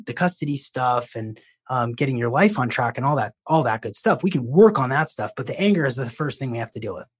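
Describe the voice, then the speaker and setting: Working as a coach, this man speaks in a mid-range, fairly bright, slightly rough voice. He tells a client's story and explains a technique conversationally, restarting often and swearing casually when quoting.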